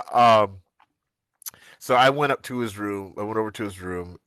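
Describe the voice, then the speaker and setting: A man from the United States chatting casually on a live stream as co-host, telling animated family stories and laughing often. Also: on the low side, measured pace, smooth, no echo.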